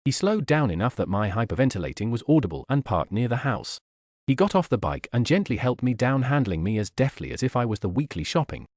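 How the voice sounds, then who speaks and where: A man narrating an audiobook in an expressive, wry manner on a studio mic. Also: mid-range voice, a little fast, no room sound.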